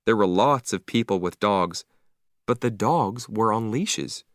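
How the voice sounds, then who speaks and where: A man reading a story aloud slowly and clearly for English learners, with expressive delivery. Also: lowish voice, dry recording, studio quality. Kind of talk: slow read-aloud story narration.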